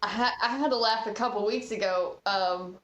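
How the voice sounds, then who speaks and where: A woman's voice: medium pitch, moderate pace, fairly bright tone, lo-fi sound. A woman, the podcast host, telling a story in casual chat and quoting the people in it. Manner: chatty, quotes others. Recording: echoey room.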